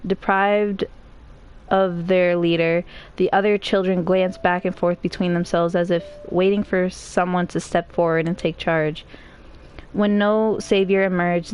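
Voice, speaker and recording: A woman's voice: fairly low pitch, a little mellow, clear, resonant tone. A woman streamer reading a novel aloud in a casual way, breaking off for joking asides.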